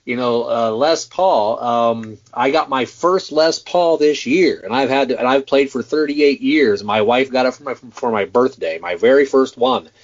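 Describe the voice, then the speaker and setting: A man's voice: mid-range voice, a little slow, hardly any pauses. A man in his forties hosting an interview, chatty and prone to stammering. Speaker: host. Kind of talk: casual interview chat. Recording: dull lo-fi sound.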